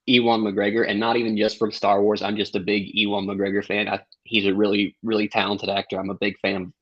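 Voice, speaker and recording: Young male guest, husky and low, relaxed casual delivery, dull lo-fi sound. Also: a little fast. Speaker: podcast guest. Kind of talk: casual chat. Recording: dull lo-fi mic.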